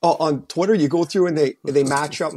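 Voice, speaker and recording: Husky-voiced middle-aged man telling stories. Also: a little high, brisk, darkish tone. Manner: storytelling, acts out quotes, laughs. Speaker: podcast co-host, former hockey player. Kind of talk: casual chat.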